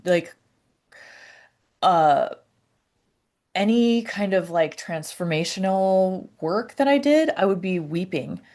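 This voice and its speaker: A woman talking to camera about her personal healing, halting and searching for words with many fillers and restarts. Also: medium pitch, darkish tone. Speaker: vlogger. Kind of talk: reflective personal talk to camera.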